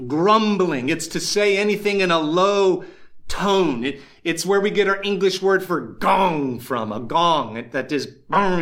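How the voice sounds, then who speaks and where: High-voiced male pastor preaching. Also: a bit bright. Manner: earnest preaching with emphatic slowed phrases. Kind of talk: sermon.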